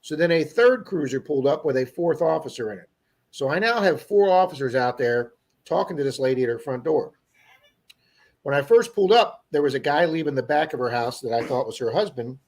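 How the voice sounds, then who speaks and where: Man telling a story, casual and animated. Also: fairly high pitch, a little fast. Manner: animated storyteller who acts out quoted people. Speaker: livestream co-host.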